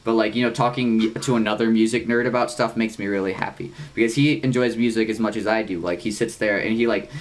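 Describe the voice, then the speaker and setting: A young man co-hosting a podcast. He tells a long, rambling story in casual chat, swearing freely and saying "like" constantly, with excited jumps in pitch. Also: fast, hardly any pauses. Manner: rambling, heavy use of "like", frequent swearing. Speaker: podcast co-host.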